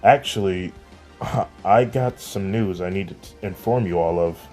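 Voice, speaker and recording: A man voicing a polite, nervous teenage boy hero who speaks softly and stammers, over faint music. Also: low voice, measured pace. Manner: soft-spoken, hesitant, stammers.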